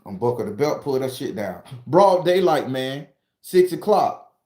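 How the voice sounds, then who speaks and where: A man from southern Florida hosts his own storytelling channel, swearing freely as he rambles through a personal tale. His voice sits at an ordinary middle pitch but rises and gets louder when he is worked up, and the room gives it a noticeable echo. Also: big pitch swings, a little slow. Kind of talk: casual storytelling, profane. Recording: roomy echo.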